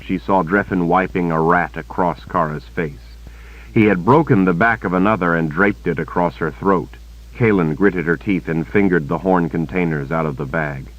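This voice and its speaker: Man, very deep voice, measured audiobook narration, dull cassette sound, dry. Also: no echo. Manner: steady, measured reading.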